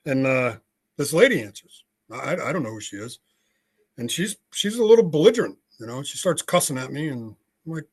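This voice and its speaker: This older American man's voice is medium-pitched and husky, and he talks briskly and animatedly. Appearing as a podcast guest on a video call, he bluntly tells his story, peppering it with fillers.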